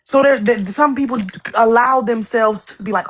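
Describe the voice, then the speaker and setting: A woman's voice: a little high, normal speed, hardly any pauses, fairly bright tone. A woman co-hosting a podcast, talking in a heated, profane, repetitive way in casual chat. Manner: heated, profane, repeats herself.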